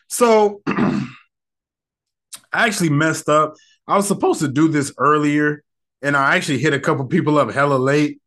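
A man's voice: mid-range voice, fairly bright tone. A young man hosting a casual solo podcast, talking in a loose, slangy, rambling and candid way. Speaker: podcast host.

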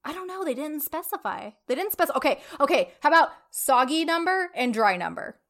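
A woman's voice: sits high, sing-song, fairly quick, fairly bright tone. A young adult woman co-hosting a podcast in casual chat, swearing and laughing often. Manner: laughing, swearing, giggly banter. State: laughing to tears. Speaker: podcast co-host.

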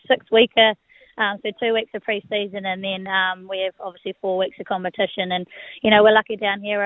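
A woman's voice: medium pitch, dry recording. New Zealand woman on a tinny phone line. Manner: chatty, with many "um" and "you know" fillers. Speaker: rugby player guest. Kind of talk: phone interview. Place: outdoors on the phone.

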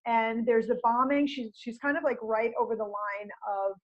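A woman's voice: on the high side, fairly even intonation, moderate pace, muffled recording. A woman in casual conversation about a book, chatty and reflective. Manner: chatty and reflective, many fillers and restarts. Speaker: podcast co-host discussing a book. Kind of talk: casual chat.

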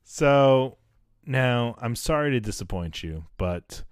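A man's voice: medium pitch, expressive, slow pace, clean tone, no room sound, studio quality. A man hosting a podcast, bantering and laughing often in casual chat. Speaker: podcast host.

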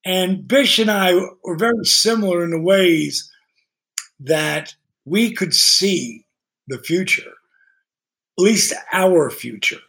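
A man with a high, gravelly voice speaks slowly and leaves long pauses. He's a guest on a podcast, telling casual stories in an animated way, swearing freely and acting out the dialogue.

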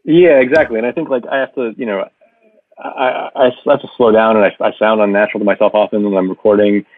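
A man's voice: fairly low pitch, fairly even intonation, fast, dry recording. A man guesting on a podcast in casual chat, talking with many hesitant restarts. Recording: tinny phone-like line, dry.

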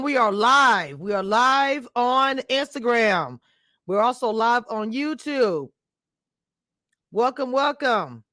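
A woman's voice: on the high side, big pitch swings, slow pace, fairly bright tone, no room sound, clean studio sound. A woman hosting a casual live stream, chatting straight to her viewers and laughing often as she talks. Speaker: live-stream show reviewer.

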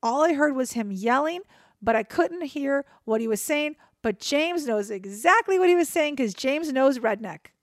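Excitable woman telling a story, dry mic. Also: sits high, normal speed, no room sound. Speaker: podcast co-host. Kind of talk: casual storytelling chat.

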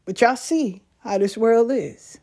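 A woman talking casually on a back porch outdoors, telling stories in a folksy, animated way. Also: on the high side, slow. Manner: folksy, animated storytelling with laughs. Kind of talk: casual monologue.

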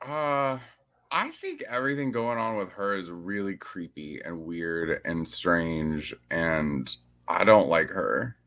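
A man's voice: low-pitched, expressive, slow, fairly bright tone. A man on a casual chat panel, laid-back and drawling. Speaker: panel guest.

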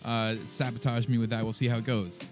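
A man's voice: medium pitch, flat delivery, brisk, faint music behind. A man co-hosting a casual sports podcast, laid-back, laughing often and using lots of filler words. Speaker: podcast co-host.

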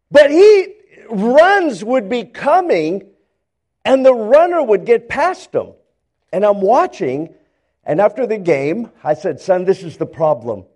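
An older male pastor preaching a sermon, telling stories in animated fashion and acting out the characters, often repeating words as he builds up. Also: very high-pitched, takes it slowly, long pauses. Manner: animated storytelling, acts out characters, stammers repeats.

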